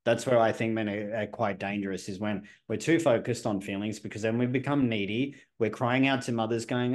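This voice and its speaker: A man's voice: fairly low pitch, fairly even intonation, a little fast, hardly any pauses. A man hosting a casual podcast conversation, speaking bluntly and assertively in an opinionated way. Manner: sometimes swears. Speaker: podcast host.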